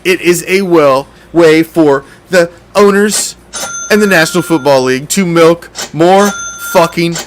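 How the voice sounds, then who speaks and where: A man's voice: on the high side, unhurried, a little hiss or hum. A man hosting a fan sports show, ranting in a heated, sarcastic and profane way, with loose stumbling restarts. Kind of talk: casual ranting commentary.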